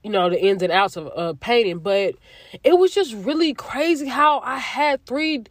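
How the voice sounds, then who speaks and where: A young adult podcast host in their twenties telling a story in a casual, profane and animated way. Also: mid-range voice, moderate pace, no echo, studio quality. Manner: chatty, profane, animated retelling.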